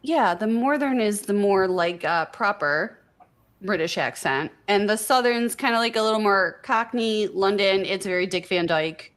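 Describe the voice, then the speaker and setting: A woman with a middle-pitched voice co-hosts a live talk show. She chats in a relaxed way and laughs along with the others. Between the banter she reads out news items. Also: moderate pace. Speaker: co-host and news reader of a paranormal news show. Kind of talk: casual chat and reading news items.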